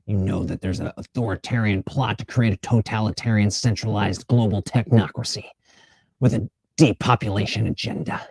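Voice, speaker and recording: A man hosting a livestream motivational talk, lively and prone to mocking imagined people's voices. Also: medium pitch, no echo. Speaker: livestream host.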